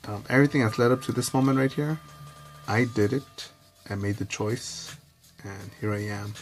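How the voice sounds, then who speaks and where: A man giving a rambling, candid personal monologue to camera, swearing at times and slipping into quick impressions of others. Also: lowish voice, fairly even intonation, soft background music. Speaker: vlogger.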